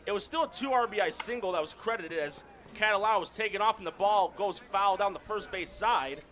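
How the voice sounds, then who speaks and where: A man calling a baseball game play by play, excitable and shouting during big plays. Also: high-pitched, fairly quick. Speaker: play-by-play announcer.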